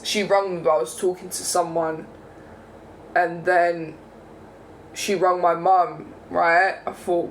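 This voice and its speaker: Young man, high voice, indignant vlog rant, faint background hiss. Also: low-quality recording. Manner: indignant, repeats "yeah?" and "right?". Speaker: vlogger. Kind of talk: casual monologue rant.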